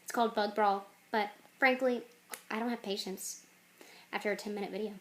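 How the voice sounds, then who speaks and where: A woman casually pitching a game idea, rambling with jokey asides. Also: steady tone, a little fast. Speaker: channel host.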